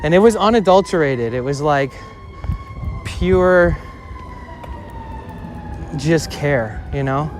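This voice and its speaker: A man's voice: a little high, animated, slow pace, pauses often, a little hiss or hum. A man in his twenties telling a personal story in a casual, rambling way, swearing and saying "like" often while streaming outdoors on a city street. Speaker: IRL streamer.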